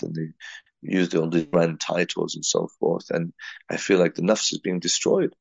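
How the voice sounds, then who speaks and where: A man's voice: low-pitched, flat delivery, normal speed, vocal fry, husky, no echo, highs cut off. A man from England giving a reflective spiritual talk, telling a personal story and weaving in Arabic and Urdu religious terms. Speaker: religious teacher.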